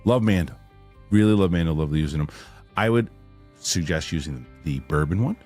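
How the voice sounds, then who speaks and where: A middle-aged man hosting a casual podcast, rambling and animated, often repeating his words as he reads sponsor spots and tells stories. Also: low voice, moderate pace, soft background music. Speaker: show host.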